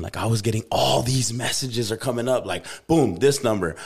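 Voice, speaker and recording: Young guy from Albuquerque, lowish voice, loose slangy storyteller on a chat podcast. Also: normal speed, few pauses. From Albuquerque, New Mexico. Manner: laid-back, slangy, says "bro" constantly.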